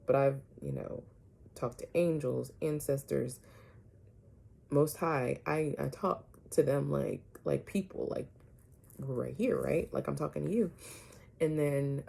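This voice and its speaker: A woman vlogger telling a personal story to her viewers, animated, often asking "right?" and dropping some words to a whisper. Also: sits low, gravelly, husky.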